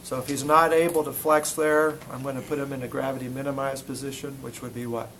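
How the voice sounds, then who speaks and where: A man's voice: mid-range voice, level tone, a little fast, noisy background. A male instructor teaching a classroom lesson, quizzing students as he demonstrates muscle testing on a volunteer. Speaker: physical therapy instructor.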